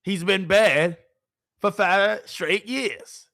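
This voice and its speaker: A woman streamer giving casual, animated sports commentary, full of rhetorical questions and slang. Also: medium pitch, drawn-out words.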